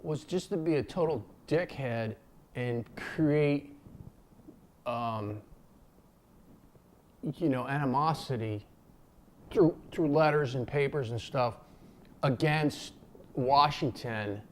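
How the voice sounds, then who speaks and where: A man's voice: medium pitch, takes it slowly, pauses often, a little hiss or hum. A man from Philadelphia, talking casually to camera in a loose, rambling way, with fillers, slang and swearing. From Philadelphia, USA. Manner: acts out quotes in a raised voice. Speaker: vlogger. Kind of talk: casual unscripted talk to camera.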